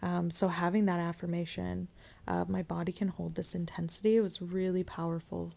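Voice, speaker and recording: A young woman hosting a podcast, candidly telling a personal story with whispered asides and soft laughs. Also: on the low side, level tone, normal speed, vocal fry. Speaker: podcast host sharing her birth story.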